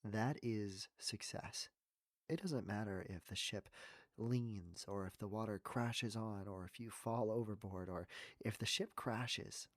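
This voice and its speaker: A man's voice: on the low side, a little slow, no room sound, studio quality. A man, a voice actor and coach, talking earnestly and reflectively as a podcast guest. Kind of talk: casual podcast conversation.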